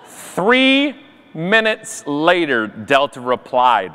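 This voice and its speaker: A man's voice: high-pitched, very animated, normal speed, pushed and bright. A Canadian man telling a comic travel story as a conference speaker, self-mocking and acting out the people in it. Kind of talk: comedic keynote storytelling. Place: conference stage before a live audience.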